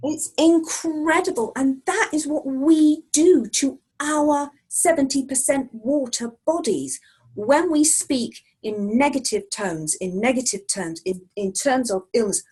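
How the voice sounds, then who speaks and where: A woman guest in a casual interview, animated and laughing often as she talks. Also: sits high, measured pace. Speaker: psychic, guest.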